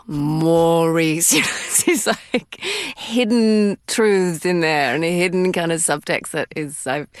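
A woman's voice: low voice, creaky, dry recording, clean studio sound. A woman actress talking enthusiastically as an interview guest, laughing often and restarting her sentences. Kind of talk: conversational interview.

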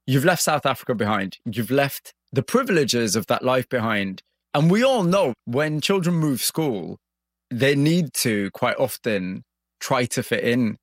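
A man hosting a broadcast interview, narrating a story and asking measured, empathetic questions. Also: medium pitch, lively intonation, no room sound. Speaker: radio host.

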